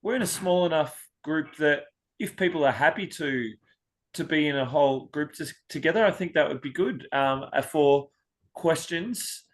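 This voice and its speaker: A man's voice: on the high side, normal speed. A man organising an online session, speaking tentatively and trailing off.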